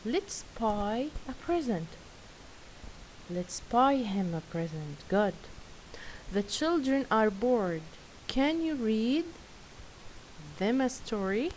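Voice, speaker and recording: Female teacher, unhurried, encouraging, light hiss on the track. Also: fairly high pitch, animated, darkish tone, low-quality recording. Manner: patient, praising, careful and slow. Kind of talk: classroom lesson, reading workbook answers. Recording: faint hiss.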